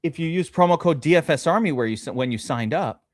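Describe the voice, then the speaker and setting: A man's voice: on the high side, animated, fast, dry recording, studio quality. Chatty man hosting a fantasy football stream. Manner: loose and chatty, reads viewer names aloud, swears casually. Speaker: livestream host drafting fantasy football. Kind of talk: casual livestream chat.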